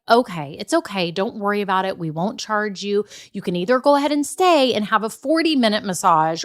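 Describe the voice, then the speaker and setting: A middle-aged woman hosting a business podcast, telling stories in a chatty, earnest way and repeating her key points for emphasis. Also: medium pitch. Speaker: podcast host, business coach. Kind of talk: casual motivational podcast talk.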